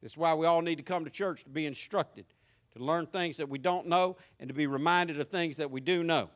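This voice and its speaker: A man's voice: a little high, fairly quick, a bit bright. A man with a Southern US accent preaching a sermon, folksy and emphatic. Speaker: pastor.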